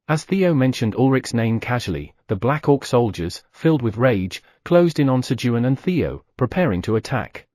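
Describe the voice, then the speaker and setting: A man reading an audiobook novel in steady, scripted narration. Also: medium pitch, normal speed, hardly any pauses, dry recording, studio quality. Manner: steady storytelling read.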